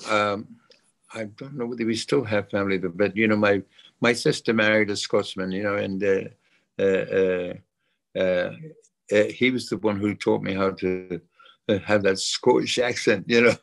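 An older man chatting as a guest in an interview, halting and repeating himself, often adding "you know". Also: lowish voice, creaky. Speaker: guest singer. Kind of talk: casual interview chat.

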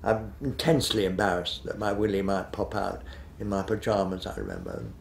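A man's voice: sits low, very animated, brisk, creaky, echoey room, slight background noise. A man in his eighties, a retired television director, reminiscing in an interview in a rambling, hesitant way, full of fillers and restarts. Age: 80s.

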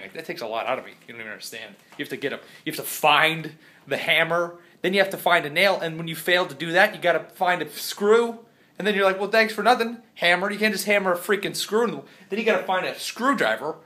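A man chatting in a rambling, jokey vlog from his house, still sick, swinging from loud outbursts to mumbles. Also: on the high side. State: sick, congested. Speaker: vlogger. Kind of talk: casual vlog chat.

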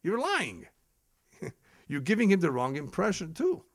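A man's voice: sits high, unhurried, no room sound, studio quality. A man teaching a religious ethics lesson as a rabbi, telling stories with chuckles and Hebrew terms. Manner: lively storytelling, acts out quoted speakers, chuckles often; sprinkles Hebrew terms into English. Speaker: rabbi lecturer.

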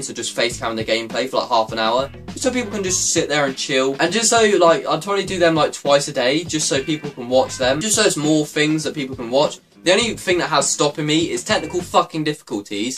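A man ranting casually in a vlog, swearing constantly and getting worked up. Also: medium pitch. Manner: profane, excitable ranting. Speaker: YouTuber.

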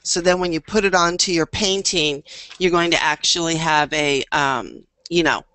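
A woman's voice: sits low, moderate pace, fairly bright tone, clean tone, dry recording. A woman teaching a live online painting class, chatting and thinking aloud as she paints.

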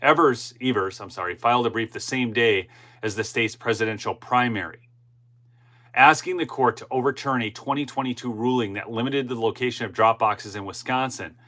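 Brisk, bright and forceful, his mid-range voice carries a middle-aged host's political commentary. He reads out news items, frequently restarting and veering into passionate side remarks.

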